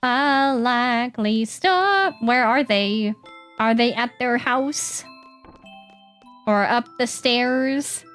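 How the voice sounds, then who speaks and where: A woman streaming a game, chatting casually and reading the dialogue aloud in quick playful voices. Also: on the high side, a bit bright, soft background music.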